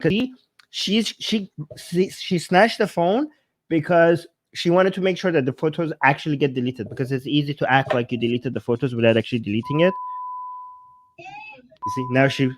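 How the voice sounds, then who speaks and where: A man giving casual commentary while translating a video, halting and often restarting his sentences. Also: on the high side, wildly swooping pitch, slight background noise. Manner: halting, with frequent restarts and repeated words.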